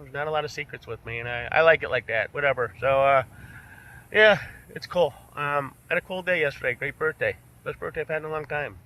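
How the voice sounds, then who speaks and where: An older man walks outdoors and talks loosely to a handheld camera. His voice is bright and a touch high, and his delivery is heartfelt, meandering and full of fillers. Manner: rambling, heartfelt, lots of fillers. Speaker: missionary vlogger. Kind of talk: emotional casual vlog. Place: outdoors on a beach.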